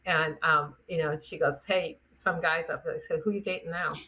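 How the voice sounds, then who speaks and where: An older woman with a lowish voice tells stories from her years as a chiropractor. She is animated and laughs easily, and she slips into the voices of the people she is describing. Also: normal speed, slight background noise. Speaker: guest chiropractor. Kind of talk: anecdotal storytelling.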